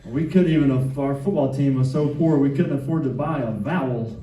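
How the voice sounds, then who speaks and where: A man's voice: medium pitch, fairly quick, background noise. A man in his fifties from Atlanta with a Southern accent, doing a self-deprecating, rambling stand-up set. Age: 50s. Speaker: stand-up comedian. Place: club stage with live audience. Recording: echoey room, distant mic, crowd laughter.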